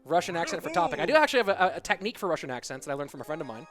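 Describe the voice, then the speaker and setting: A man's voice: on the high side, racing, soft background music. A young man casting a live esports stream, calling the plays and chatting with viewers. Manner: lively play-by-play, chatting with viewers. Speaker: esports caster. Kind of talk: live stream game commentary.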